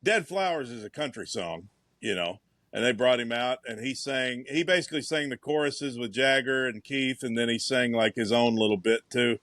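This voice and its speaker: A podcast co-host chats casually over a video call, talking about music and telling stories in a chatty way. His mid-range voice is a bit bright, at normal speed, in a dry recording.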